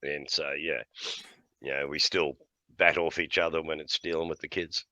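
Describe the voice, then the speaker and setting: A man's voice: a bass voice, steady tone, normal speed, pushed and bright, no room sound, dull audio. A middle-aged man telling blunt, profane stories in casual chat, often laughing between lines. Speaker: podcast host.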